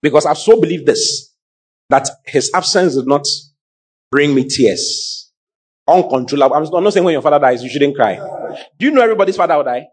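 A middle-aged man preaching a sermon, calling out to the congregation in an animated way. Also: a little high, fairly quick, slightly rough. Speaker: pastor.

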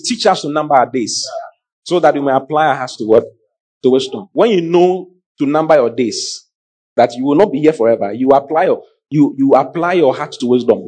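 A middle-aged man preaching a sermon, calling out to the congregation in an animated way. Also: fairly high pitch, husky. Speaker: pastor.

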